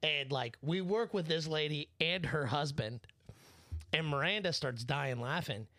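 A man's voice: on the high side, measured pace, bright, forceful tone, no room sound. A man, co-hosting a podcast, telling crude stories in casual chat and swearing a lot. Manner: profane, laughing storyteller. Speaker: podcast co-host.

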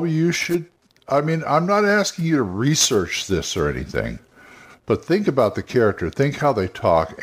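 Older man, podcast host, casual solo talk, rambling, low pitch, lively intonation. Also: slightly rough. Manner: rambling, restarts often, gives advice.

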